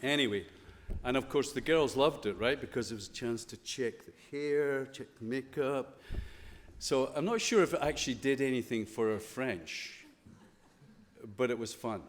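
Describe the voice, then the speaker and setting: A Scottish man gives a playful, conversational talk to students in a school chapel, packed with rhetorical questions. His voice sits at medium pitch, he speaks at a moderate pace, and the recording has a big-room sound.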